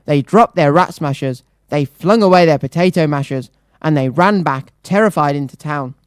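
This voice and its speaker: A children's radio presenter reading a picture book aloud, lively and rhythmic. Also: medium pitch, moderate pace, clear, resonant tone, no echo.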